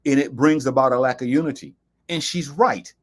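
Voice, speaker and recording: A man's voice: mid-range voice, brisk. A man hosting a talk broadcast, speaking emphatically in a preaching style, quoting sayings and repeating phrases for stress. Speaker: host.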